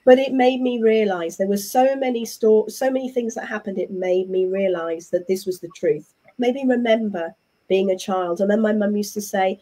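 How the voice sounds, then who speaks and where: Chatty English woman, mellow voice. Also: medium pitch, moderate pace. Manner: animated, chatty storyteller who acts out what others said. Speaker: interview guest. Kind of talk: casual conversational storytelling.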